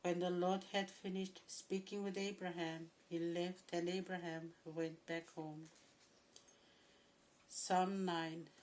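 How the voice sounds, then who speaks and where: A woman reads scripture aloud at a steady pace, her voice a touch low and held to a narrow, level pitch. She pauses now and then to clear her throat. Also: slight background noise. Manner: steady, even reading with occasional throat clearing. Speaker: scripture reader. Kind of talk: Bible reading.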